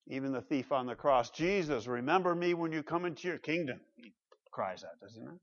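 A man's slightly high voice carries through a dull, muffled recording. He preaches as a pastor, emphatic and conversational, often turning to the congregation with quick asides. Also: animated. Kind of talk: sermon.

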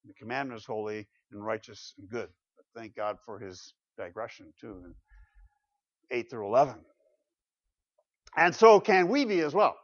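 A man preaching a sermon with dramatic rhetorical questions, swinging from loud to quiet. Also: medium pitch, animated, normal speed, long pauses. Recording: dull lo-fi recording.

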